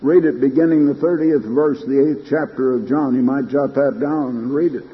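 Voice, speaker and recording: A man's voice: mid-range voice, fairly even intonation, normal speed, dull audio. Fervent older male preacher, reverberant hall. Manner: emphatic, rising to fervent peaks. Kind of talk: broadcast sermon.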